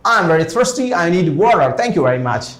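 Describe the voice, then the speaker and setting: A man's voice: on the high side, a little fast, reverberant. A man with an Indian English accent teaching spoken English, drilling words through repeated example sentences and switching into Hindi now and then. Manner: repetitive, animated drilling, mixing in Hindi.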